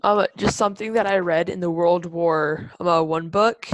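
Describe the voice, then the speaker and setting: A woman's voice: lowish voice, moderate pace, no room sound, poor audio. A woman speaking up as a student in a class discussion, hesitant, with many ums and uhs.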